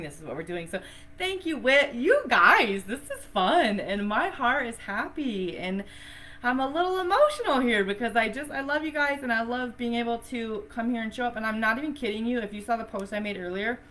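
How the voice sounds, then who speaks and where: A woman's voice: mid-range voice, lively intonation, a little fast, pushed and bright. Chatty, effusive woman breathwork teacher. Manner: chatty and effusive, with frequent laughs and fillers. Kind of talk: casual live-stream teaching.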